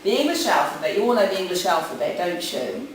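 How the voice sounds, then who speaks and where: A woman's voice: lowish voice, quick pace, distant mic, a little hiss or hum. A woman from New Zealand with a New Zealand accent giving a chatty, jokey talk to English teachers at a conference. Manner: chatty, jokey, animated with audience asides. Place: conference hall. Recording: echoey hall, speaker off-mic at times.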